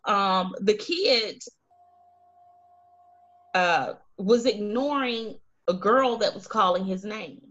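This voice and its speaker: A woman's voice: mid-range voice, fairly bright tone. A woman from Alabama, telling her story as a guest, earnestly and acting out the voices of people in it. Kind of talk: personal testimony in an interview. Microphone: video call. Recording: dull lo-fi video call audio.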